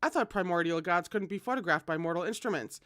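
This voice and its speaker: A fan reader voicing an eager, cheeky young male junior officer who talks excitedly and pushily. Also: medium pitch, fast, close to an everyday voice. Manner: excited and pushy.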